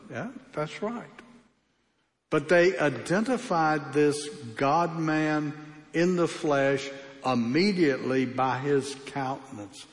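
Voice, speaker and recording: Pastor guy preaching, slow and a bit high, big echoey church sound. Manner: emphatic preaching with varied pace. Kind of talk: sermon.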